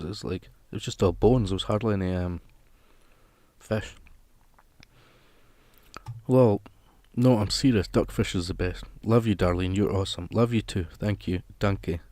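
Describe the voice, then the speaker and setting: A man's voice: sits low, normal speed, a little mellow, no room sound. A man hosting a live stream, chatting casually with his viewers in a rambling, jokey way.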